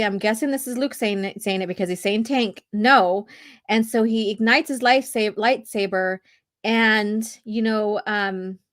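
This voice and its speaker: A woman in a casual comic read-along chat, her voice a little hoarse and sitting in the middle of the range. She talks loosely, then slows into dramatic readings of the panel dialogue. The sound is dry, with no room echo. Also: mid-range voice. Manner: reads comic dialogue aloud in slow dramatic bursts. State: slightly hoarse. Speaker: podcast host reading comics.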